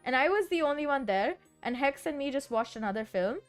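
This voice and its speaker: A woman's voice: sits high, expressive, brisk. Giggly, rambling young woman streamer. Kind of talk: casual chat while composing music. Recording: faint background music. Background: soft background music.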